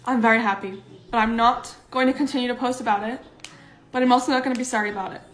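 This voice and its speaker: A woman's voice: fairly high pitch, fairly even intonation, fast, a bit bright, reverberant, low-quality recording. A woman talking earnestly and emotionally in a personal social media video.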